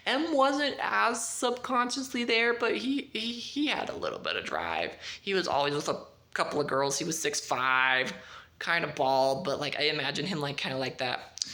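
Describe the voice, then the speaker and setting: A woman casually reviewing a book, retelling the plot in a rambling, animated way with lots of "like". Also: deep voice, normal speed.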